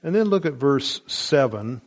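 A middle-aged man teaching a Bible study sermon, deliberate, with frequent pauses and restarts. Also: mid-range voice, very animated.

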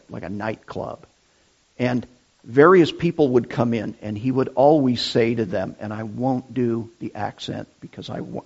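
A middle-aged man preaching a sermon, deliberate and emphatic, repeating his key phrases. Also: medium pitch. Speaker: pastor. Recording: dull lo-fi sound.

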